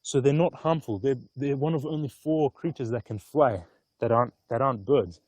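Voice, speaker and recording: A man chatting casually on a live stream from an outdoor hilltop, easygoing and often excited. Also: medium pitch, moderate pace, husky, no echo. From Australia. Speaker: stock market vlogger.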